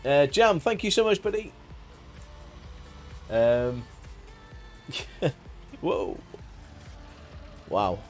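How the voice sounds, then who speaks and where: A man's voice: fairly high pitch, sing-song, drawn-out words, long pauses, a little mellow, faint music behind. Chatty man streaming a farming game. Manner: chatty, jokey, greets and thanks viewers by name, laughs often. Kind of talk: casual live-stream chat.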